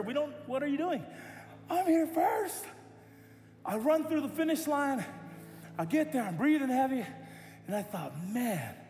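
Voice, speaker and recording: Male pastor, high voice, animated sermon storytelling; large roomy hall with long reverb. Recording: echoey hall with music.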